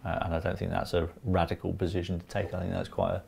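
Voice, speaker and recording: Deep gravelly man in his fifties. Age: 50s. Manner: calm, unhurried, lots of ums. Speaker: guest, former football pundit. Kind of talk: casual interview.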